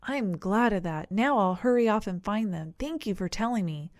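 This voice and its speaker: Woman narrator playing a polite baby elephant boy in a storybook; bright, earnest, dry close read. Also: mid-range voice, animated, moderate pace, dry recording, natural voice. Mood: eager.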